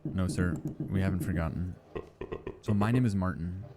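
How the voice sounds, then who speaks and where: A man's voice: low voice, normal speed, very noisy, natural voice. A man reading aloud for a polite young male office worker in a game, in a plain obliging way.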